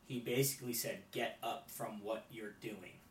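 A man's voice: on the low side, steady tone, moderate pace. A man, a guest on a faith podcast, talking reflectively and often checking in with "right?" as he goes. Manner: reflective, with frequent restarts and "right?" tags. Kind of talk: conversational faith podcast chat. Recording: roomy, distant mic, faint noise.

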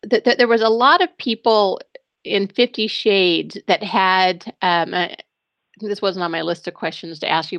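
An American woman hosts an interview, her questions coming out halting and full of restarts. Her voice has a gravelly texture. The recording sounds close and dry, with no room echo. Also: medium pitch, fairly bright tone. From United States. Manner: hesitant, stumbling restarts. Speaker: interview host.

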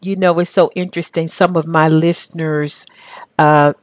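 A woman's voice: low-pitched, level tone, normal speed, no room sound. A woman with a Southern US accent hosting a radio talk show, speaking with enthusiastic, faith-filled conviction.

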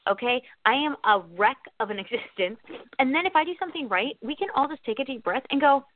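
A woman co-hosting a podcast, chatting in a bubbly, expressive way with frequent laughs. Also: sits high, fast, no room sound. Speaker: podcast co-host. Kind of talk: casual chat. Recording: dry, tinny phone line.

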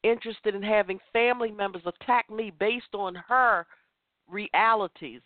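An impassioned woman delivers a motivational talk, hammering her points home by repeating phrases. Her voice sits at a middling pitch and comes through a thin, phone-like line with no room sound around it. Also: moderate pace, no echo. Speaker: host of a women's chat show. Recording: tinny phone line, dry.

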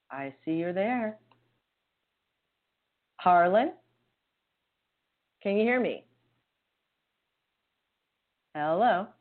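A woman's voice: fairly low pitch, phone-quality sound. A woman hosting a live show, bubbly and gushing as she chats. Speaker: host.

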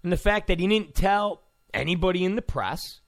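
Male commentator, sarcastic rant, gravelly, lively swooping pitch, mocking. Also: normal speed. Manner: sarcastic, mocking, insult-heavy. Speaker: political commentator. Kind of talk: ranting political commentary.

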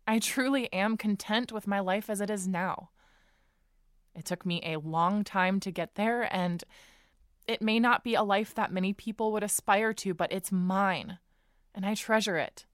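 An actress playing a resolute woman in an audio drama, speaking in a measured, steady way. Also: medium pitch, no echo, studio quality, close to an everyday voice. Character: resolute woman quitting a show, content.

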